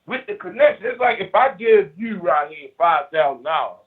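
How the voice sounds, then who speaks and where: A man talking in a casual chat, making his point like a sermon and acting out the people he quotes in a lower voice. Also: expressive, moderate pace. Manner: preachy, acts out quoted voices in a low register. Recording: distant, phone-like line.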